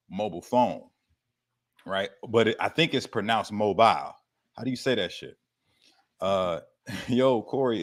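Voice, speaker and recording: A man hosting a casual livestream Q&A about fitness, with laid-back slangy banter, frequent laughs and casual swearing. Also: medium pitch. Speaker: fitness coach hosting a live Q&A.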